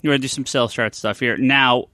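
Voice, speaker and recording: A man with a medium-pitched voice speaks quickly, with no echo, while hosting a casual comics podcast. Animated, he steers the conversation and reads out sales figures.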